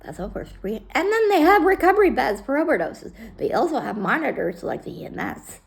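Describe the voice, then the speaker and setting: A woman shares her own story in a casual vlog, speaking bluntly and cursing without hesitation. Her voice has a gravelly edge. Her pitch swings widely as she acts out other people's lines. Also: sing-song, a little fast.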